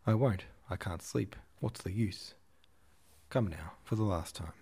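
A man's voice: low-pitched, measured pace, mellow, breathy edge, exaggerated voice. A man reading an enraptured young girl. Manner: rapt, breathless enthusiasm. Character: dreamy, excitable young girl at night.

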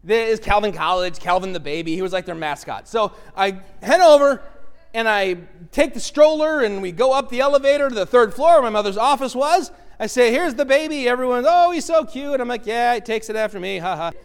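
A middle-aged male pastor preaching a sermon, telling a personal story in a lively way and acting out the voices. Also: extremely high pitch, a little fast, clear, resonant tone. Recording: long reverb from a large hall.

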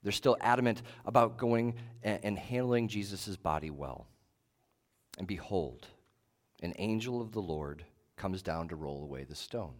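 A male pastor preaching a sermon in a measured, emphatic way, leaning on short repeated phrases. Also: sits low, lively intonation.

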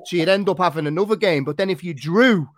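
Man, podcast host, slightly high voice, dry close sound, banter and laughs. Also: quick pace, no echo. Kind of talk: casual chat.

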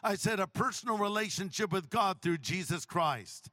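A man preaching a sermon as a pastor, telling a humorous story with lively delivery. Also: high-pitched, normal speed, no room sound, faint music behind.

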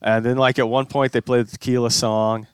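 A man's voice: medium pitch, little pitch movement, fairly quick, clean tone, no room sound, clean studio sound. A young man co-hosting a casual comedy podcast, rambling through a story with plenty of fillers and casual swearing. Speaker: podcast co-host.

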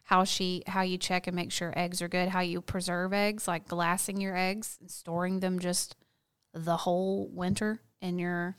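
A woman's voice: fairly low pitch, level tone, measured pace, clear, resonant tone. A young woman with a Southern accent, chatting casually and sassily as a co-host, swearing and joking freely. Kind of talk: casual chat.

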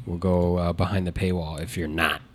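A man's voice: sits low, flat delivery, a little fast, a little hiss or hum. A man, a comedian co-hosting a podcast, bantering in a laid-back, wry way. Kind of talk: casual banter.

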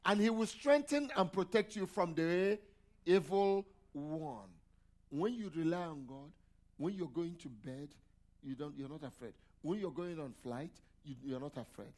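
In an unhurried, slightly high and a little mellow voice, a male pastor delivers a sermon. He calls out questions for the congregation to answer aloud and adds hallelujahs and amens along the way.

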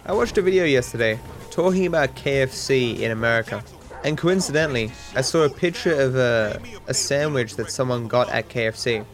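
An Australian man, a streamer, answering viewer questions in a casual, meandering way, with deadpan jokes and frequent restarts. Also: mid-range voice, brisk, soft background music. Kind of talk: casual rambling Q&A.

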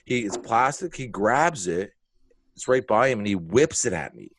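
A man's voice: fairly low pitch, normal speed. A man telling a story in casual conversation, swearing freely and acting out the other people's lines. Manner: animated, profane, acts out quotes.

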